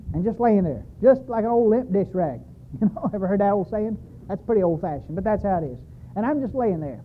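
A man's voice: sits high, husky. A man preaching a sermon, telling his own story with emphatic repetition. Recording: tinny, phone-like sound.

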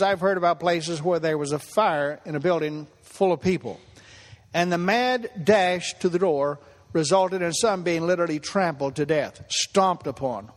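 A man preaching a sermon as pastor, repeating phrases for emphasis and building to impassioned peaks. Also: high-pitched. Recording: long hall reverb.

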